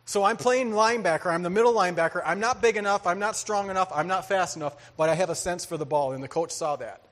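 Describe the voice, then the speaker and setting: A man preaching a sermon, telling a story with lively energy, acting out voices and laughing often. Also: high-pitched, fast. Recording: hall reverb.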